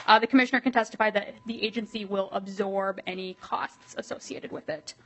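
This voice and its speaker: A woman, a state legislator presenting a bill at a committee hearing, quick and animated with many fillers. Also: medium pitch, rough recording.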